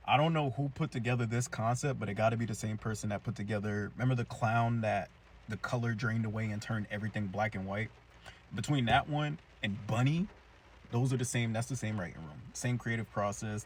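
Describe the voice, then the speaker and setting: A young man casually recapping a cartoon episode in a chatty, slangy, animated way. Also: lowish voice, fairly quick, a little hiss or hum. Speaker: cartoon reviewer.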